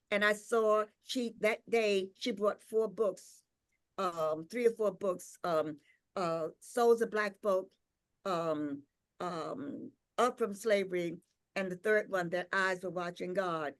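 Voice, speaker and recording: Reflective older woman telling a story. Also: mid-range voice. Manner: reflective and unhurried, with frequent "um" and "uh"; repeats words and checks in with "right?". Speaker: invited speaker, professor. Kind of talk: personal storytelling at a tribute gathering.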